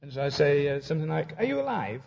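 A high-voiced male preacher gives a humorous sermon, talking fast in a very lively, swooping voice with some creak. He tells stories and acts out both sides of every conversation. The recording sounds dull and lo-fi.

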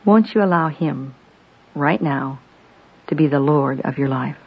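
A woman giving a devotional sermon to a women's Bible study, solemn and emphatic, asking rhetorical questions and slowing down for repeated refrains. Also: sits low, vocal fry, breathy edge. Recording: dull lo-fi recording.

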